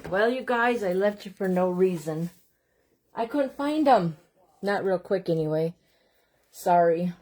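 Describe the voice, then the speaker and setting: A woman's voice: fairly low pitch, lively intonation, a little slow, pauses often, a little mellow. Chatty woman hosting a craft livestream. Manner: chatty, keeps addressing viewers as "you guys"; self-deprecating and apologetic. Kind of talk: casual livestream chat.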